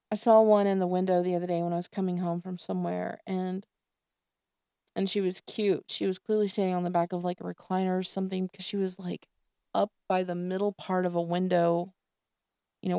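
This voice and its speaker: A woman's voice: lowish voice, little pitch movement, fairly quick, dark tone, smooth, no room sound. Exhausted woman ranting on her podcast. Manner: exasperated, swearing, tired ranting. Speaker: podcast host. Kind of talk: venting monologue.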